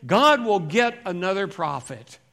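A male pastor preaching a conversational sermon, moving between loud emphatic phrases and quiet, low asides. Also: big pitch swings, a little slow, vocal fry.

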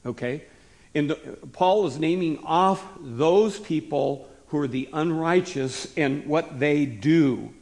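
A hoarse man preaching a sermon as pastor, often putting questions to the listeners and stopping now and then to cough. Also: on the high side, slow pace, a little mellow.

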